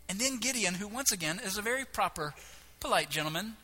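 Man, preacher, fairly high voice, piercingly bright tone, lively storytelling sermon. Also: fast. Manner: animated, acts out voices of biblical figures with humor. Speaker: pastor.

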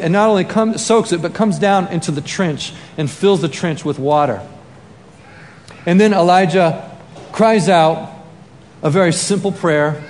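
Male preacher with a high voice, acting out the story with bursts of shouting; a reverberant hall. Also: a little hiss or hum. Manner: animated, acts out scenes with shouts and sound effects. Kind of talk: sermon storytelling. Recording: long reverb of a large hall, faint ambience.

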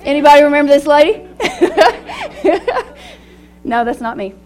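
A middle-aged woman speaking to a women's gathering in a personal, animated way, laughing often as she talks. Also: sits high, measured pace. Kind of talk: devotional talk to women.

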